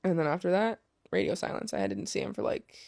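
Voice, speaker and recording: A woman's voice: fairly low pitch, quick pace, gravelly, a little mellow. A young woman, a professional soccer player, candidly telling a story in a casual interview, swearing freely and saying "like" a lot.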